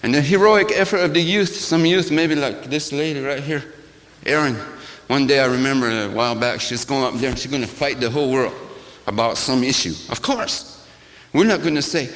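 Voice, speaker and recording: An older man, a shaman, giving a sermon-like talk to a gathering in a church, with a rhythmic, repetitive cadence that swings from loud to hushed and wry, laughing asides. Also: medium pitch, fairly quick. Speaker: shaman speaker. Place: church hall. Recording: long hall reverb.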